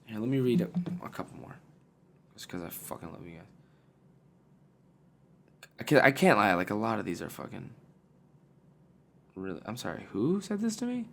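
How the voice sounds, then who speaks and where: A young man hosts a podcast and gives casual advice. He is blunt and profane, joking constantly and breaking into loud, animated bursts. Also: fairly low pitch, normal speed, creaky, pauses often, a little hiss or hum. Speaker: podcast host. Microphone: podcast mic.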